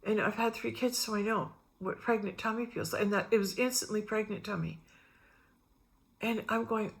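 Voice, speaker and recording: Speaking at a moderate pace in a medium-pitched voice, a middle-aged woman shares meandering personal stories on a vlog about spiritual matters. She animatedly performs the quoted voices of the people involved.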